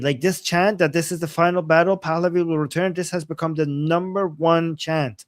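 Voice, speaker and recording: A man hosting a casual live stream, reacting with excitement to protest videos and translating the chants for his viewers. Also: fairly high pitch, fairly quick, hardly any pauses, dry recording. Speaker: political commentary host. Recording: loud background noise.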